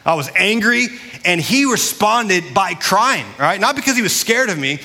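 A man's voice: high voice, expressive, moderate pace, vocal fry, pushed and bright. A man preaching a sermon in a church sanctuary, earnest and conversational, with a long hall reverb. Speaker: pastor.

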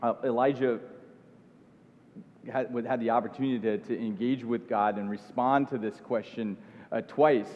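A man preaching a sermon in an earnest, searching way, looping back over his words as he builds a point. His voice sits at an ordinary pitch. The sound is a little dull and carries a long reverb, as from a large hall. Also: fairly even intonation, normal speed. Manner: earnest, with frequent restarts and repeated phrases. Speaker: pastor.

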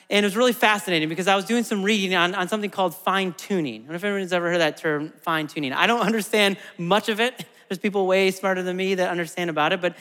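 A man's voice: sits high, bright, forceful tone, big-room sound. A man preaching a sermon to his congregation. He talks in a conversational way, often laughing and asking the room questions. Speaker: pastor.

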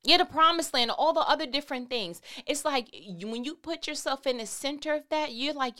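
A woman's voice: sits high, expressive, fairly quick, few pauses, pushed and bright. A woman giving a casual, conversational Christian talk with emphatic, repetitive phrasing. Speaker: Christian speaker.

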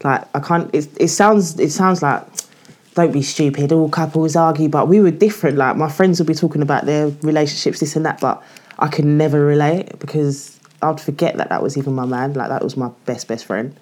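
A woman's voice: sits low, a little fast, a little mellow. A woman, speaking candidly in a casual podcast chat, full of "like" as she tells her story. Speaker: guest.

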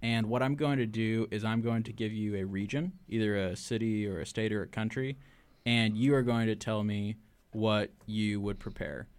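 A man's voice: on the low side, fairly even intonation, moderate pace, few pauses, clean tone, dry recording. A man hosting a casual interview, asking playful quiz-style questions. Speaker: podcast host.

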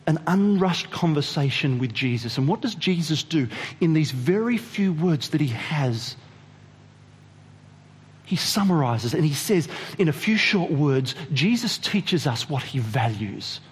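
A man preaching a sermon, retelling a story in an animated way and asking the audience questions. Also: on the high side, measured pace, long reverb tail. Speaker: pastor.

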